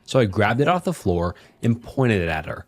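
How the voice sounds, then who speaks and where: A man's voice: on the low side, sing-song, normal speed. A man voicing a drunk, violent, self-pitying husband who rambles and swears crudely through a horror story. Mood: bitter, rambling.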